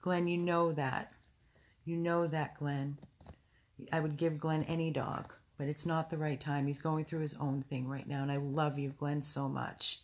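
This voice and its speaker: A woman's voice: low-pitched, level tone, a little slow, a little hiss or hum. A woman running a dog rescue, giving an earnest, upset live update indoors at home, answering viewers as she pleads for help. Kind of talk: live video update, reading viewer comments.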